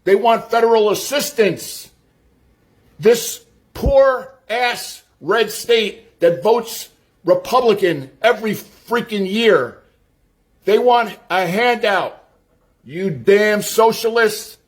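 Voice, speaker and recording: A man's voice: sits high, lively intonation, slow pace. A man giving mocking commentary in a scornful, crude manner.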